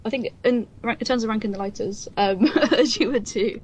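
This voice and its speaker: A woman co-hosting a film review podcast, dropping quick, wry interjections. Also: fairly high pitch, a little mellow, breathy edge. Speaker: podcast co-host. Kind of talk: casual film review chat.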